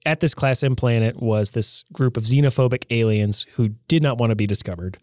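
A man explaining things in relaxed podcast chat, full of fillers. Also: mid-range voice, a little fast, no room sound, studio quality. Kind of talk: casual recap chat.

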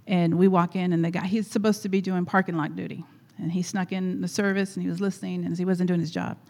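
A woman's voice: on the low side, steady tone, quick pace, darkish tone. A woman telling a personal story at church, chatty and rambling with frequent laughs. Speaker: guest speaker at church. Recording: echoey hall.

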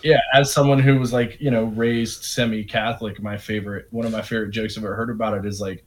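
A young man co-hosting a podcast, telling profane, animated stories in casual chat. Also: fairly low pitch, fast talker, slight background noise. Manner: profane, laughing, animated storytelling. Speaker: podcast co-host.

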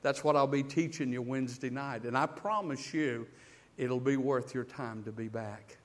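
A male pastor preaching a sermon, swinging between loud emphatic build-ups and hushed, intimate passages, often repeating words as he builds. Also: medium pitch, fairly even intonation, moderate pace.

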